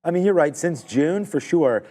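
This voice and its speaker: A man hosting a live trading stream, giving rambling, excitable market commentary full of fillers. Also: fairly high pitch, normal speed.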